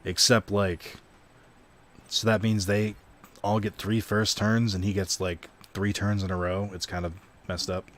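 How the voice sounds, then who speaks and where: A young man chatting loosely over a card video game stream, voice sitting a bit low. He rambles and pokes fun at himself, dropping the odd swear word. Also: little pitch movement, unhurried, a little hiss or hum. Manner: rambling, self-deprecating, swears casually. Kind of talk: casual gaming stream commentary.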